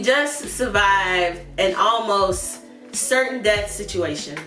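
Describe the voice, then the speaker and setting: A female Bible study teacher leads a Sunday school lesson conversationally, speaking earnestly and directly to her viewers and laughing warmly at asides. Her mid-range voice has lively intonation and a measured pace. The recording is roomy and distant, with faint music playing softly behind her.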